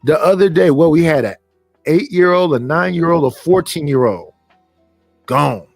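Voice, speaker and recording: A man's voice: a little high, normal speed, creaky, no room sound, studio quality, faint music behind. A middle-aged man, hosting a live stream and ranting bluntly and profanely, preaching at his listeners. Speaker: stream host. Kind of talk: casual live-stream rant.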